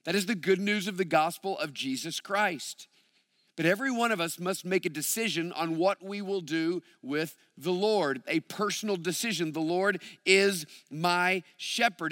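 A man delivers a sermon in a bright, forceful voice that sits slightly high for a man. He reads scripture and repeats key phrases with shifting emphasis, pressing hard on the words that matter. The sound is close and dry at the mic, with a long reverb trailing through the hall. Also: normal speed. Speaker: pastor.

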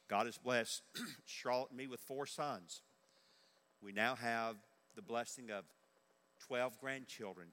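A man's voice: medium pitch, fairly bright tone. An older man preaching a sermon in earnest, repeating his key questions for emphasis. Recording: echoey large hall.

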